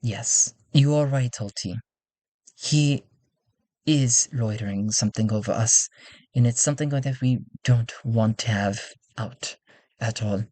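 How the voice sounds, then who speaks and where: A man's voice: mid-range voice, unhurried, dark tone, no room sound, lightly acted. A man voicing a worried female councilwoman who earnestly pleads for help, in a solo role-play game.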